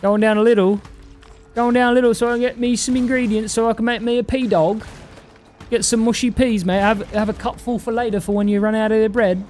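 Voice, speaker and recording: A man voicing a cheeky, loud bloke caricature, swearing and saying "mate" constantly, over clear background music. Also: high-pitched, steady tone, fairly quick, voice pushed up, natural voice. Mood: boisterous.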